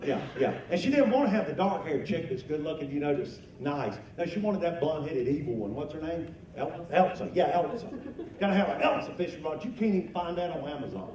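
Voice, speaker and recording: A man's voice: fairly high pitch, animated, a little fast, darkish tone. An older man telling folksy stand-up stories to a lunch crowd, getting rowdy on the punchlines. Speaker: comedian, lunch speaker. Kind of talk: storytelling stand-up. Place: banquet hall at a lunch event. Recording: roomy hall, miked from a distance, faint noise.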